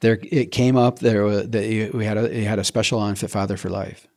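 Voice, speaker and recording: A middle-aged man tells his story in a relaxed interview. His voice sits a little low, and he talks in bursts, restarting sentences and acting out what he and others said. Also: moderate pace, long pauses. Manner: animated, acts out his own quotes, frequent restarts. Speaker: program member telling his story.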